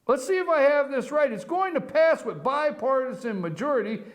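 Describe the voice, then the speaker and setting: Brief: male morning show host, very high voice, emphatic monologue full of rhetorical questions. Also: animated, normal speed. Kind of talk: opinion commentary monologue. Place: office.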